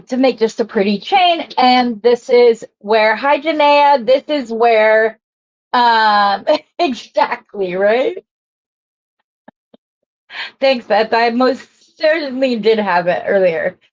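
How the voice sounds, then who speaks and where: Chatty woman streaming her craft, higher voice, unhurried, dull lo-fi audio. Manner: chatty and rambling, greeting viewers as she works. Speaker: jewelry maker hosting a live stream. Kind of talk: casual live-stream chat.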